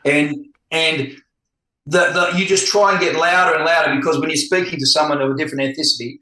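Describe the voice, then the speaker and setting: A middle-aged man speaks candidly as a podcast guest, his voice sitting a little high for a man. He tells stories in an animated way and acts out the people he quotes. The room around him is roomy and echoey. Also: fairly quick. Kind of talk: casual podcast conversation.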